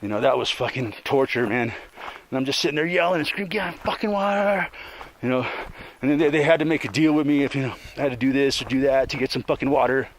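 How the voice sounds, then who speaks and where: A man's voice: mid-range voice, quick pace, hardly any pauses. A man ranting angrily in a rambling, profane monologue, ending many sentences with "man.". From Colorado. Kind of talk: casual monologue rant.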